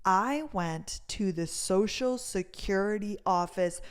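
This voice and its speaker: A woman's voice: mid-range voice, slow pace, clean tone. Young woman, casual storytime vlogger, chatty and a bit profane, talks in a mid-range voice. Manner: chatty, swears freely, lively retelling.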